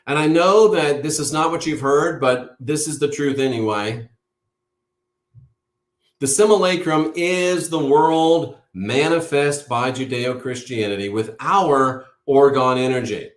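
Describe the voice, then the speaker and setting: A man hosting an online show, giving an impassioned monologue to a live audience. He speaks emphatically and in a preachy way, repeating key words for force. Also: a little high. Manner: emphatic, with insistent repetition; preachy, declaring things as certain. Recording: roomy echo.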